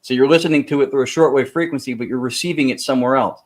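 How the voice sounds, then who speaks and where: A man's voice: mid-range voice, racing. A man speaking as a podcast guest, explaining technical ideas at length in casual chat, with frequent fillers and restarts.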